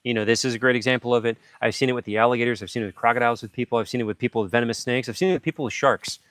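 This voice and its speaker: A man hosting a livestream, telling a story casually and acting out sound effects and shouted lines. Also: medium pitch, very fast, no echo, clean studio sound. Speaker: livestream host.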